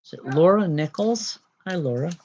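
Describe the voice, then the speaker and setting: A woman's voice: on the low side, animated, normal speed, warm tone, highs cut off. A woman working as a spiritual medium, giving readings. She calls people by name and passes on spirit messages in a reassuring way. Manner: addresses people directly by name.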